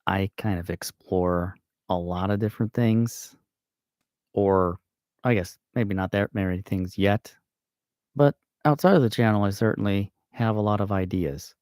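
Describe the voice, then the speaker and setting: Slow, low-voiced American man explaining grammar. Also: a little mellow, no room sound, clean studio sound. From United States. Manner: slow and thinking aloud, with fillers and self-corrections. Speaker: channel host. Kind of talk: casual grammar explainer livestream.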